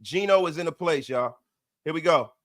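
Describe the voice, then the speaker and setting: High-pitched male streamer hosting a post-game fan show, excitable, loud and repetitive. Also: normal speed. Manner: excitable, loud, repeats himself, banters with chat.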